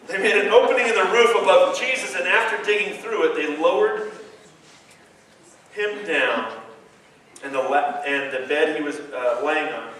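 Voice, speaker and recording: A man preaching a lively, joking sermon and retelling a story in an animated, exclamatory way, recorded in a large stadium. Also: high-pitched, measured pace, long pauses, slight background noise. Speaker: youth preacher. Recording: echoey stadium from far off.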